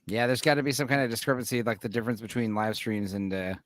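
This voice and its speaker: Tipsy from drinking, a man co-hosts a casual chat, rambling along with lots of filler words and profanity. His voice is medium-pitched and steady, he talks fast, and the recording is dry.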